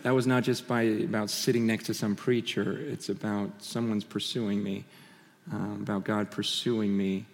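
A man preaching from a stage, telling personal stories with passion, restarting and repeating himself, moving between loud bursts and hushed asides. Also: on the low side, level tone, moderate pace, vocal fry. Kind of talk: sermon storytelling. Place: on a stage in a large hall. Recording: long reverb of a large hall.

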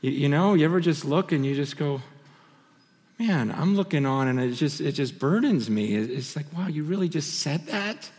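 A man's voice: a little high, moderate pace. Preaching man in an echoing hall. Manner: swings between animated bursts and hushed, intimate storytelling. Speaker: pastor. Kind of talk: sermon. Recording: long reverb of a large hall.

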